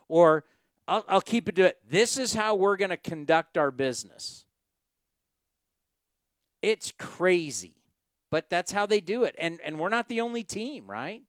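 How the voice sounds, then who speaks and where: A man with a high, bright-edged voice rants on a post-game sports radio show, sarcastic and emphatic. The sound is close and dry, straight into a studio mic. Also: expressive, takes it slowly, long pauses, smooth, no room sound. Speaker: radio sports talk host.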